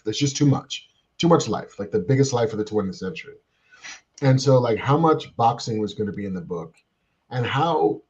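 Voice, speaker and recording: A man's voice: mid-range voice, a little mellow. A man speaks over a video call, his voice coming through muffled and lo-fi. He explains his thoughts in a loose, thinking-aloud way, leaning on fillers as he goes. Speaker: guest writer on a comics podcast. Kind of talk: casual chat. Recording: dull lo-fi video call audio.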